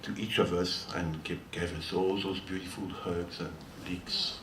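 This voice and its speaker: A man's voice: low-pitched, a little slow. An older man from France with a French accent, a guitarist telling a long, rambling anecdote between songs on stage. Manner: chatty, rambling, often laughing as he tells it. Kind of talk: storytelling between songs at a concert. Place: listening hall before a live audience. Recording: roomy hall sound from far off, faint noise.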